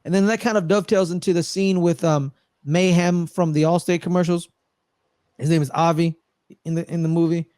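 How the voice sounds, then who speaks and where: A man with a somewhat high voice co-hosts a casual movie review chat. He is animated and acts out characters' lines as he retells scenes. The sound is dry and close. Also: a little fast, no echo. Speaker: podcast co-host.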